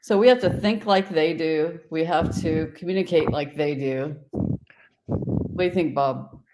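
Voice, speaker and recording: A woman's voice: low voice, a little slow. Woman dog trainer, direct and confident, on a noisy video call. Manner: direct, confident, demonstrates tones of voice. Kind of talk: casual instructive chat.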